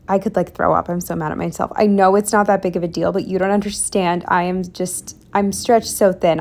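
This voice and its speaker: A woman's voice: mid-range voice, vocal fry. Exhausted young woman rambling in voiceover. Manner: exasperated, rambling, drops into whispers. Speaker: planner vlogger. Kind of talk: casual voiceover.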